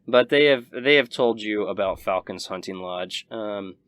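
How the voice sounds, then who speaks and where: A young man in his twenties, narrating as game master in a relaxed, halting way. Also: lowish voice, clear, resonant tone. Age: 20s.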